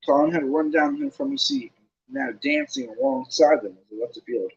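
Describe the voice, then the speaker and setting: A man narrating an audiobook, reading lively with casual asides. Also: a little high, moderate pace, gravelly, dull audio.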